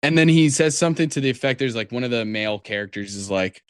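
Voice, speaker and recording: A man co-hosting a podcast, retelling a film with animated energy and plenty of swearing. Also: mid-range voice, fast talker, no echo, studio quality. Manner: animated storyteller, swears freely. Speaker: podcast co-host. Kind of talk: casual chat.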